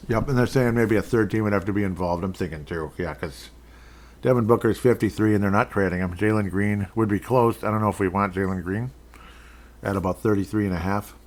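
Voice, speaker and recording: A man's voice: fairly low pitch, brisk, darkish tone, a little hiss or hum. A man hosting a casual sports podcast, rambling and jokey, chuckling often as he talks. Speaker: podcast host.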